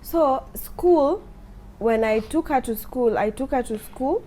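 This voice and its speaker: A woman's voice: high-pitched, expressive, slow, warm tone, slight background noise. A Kenyan woman in her thirties, a mother recounting her life with an autistic child, mixing English and Swahili as she talks. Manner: switches between English and Swahili mid-sentence, acts out voices in quotes. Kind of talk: emotional personal storytelling.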